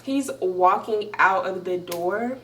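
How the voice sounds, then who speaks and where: A young woman vlogger telling a story in an animated, emphatic, profane way. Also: fairly low pitch, slow, recorded from a distance. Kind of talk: storytime vlog.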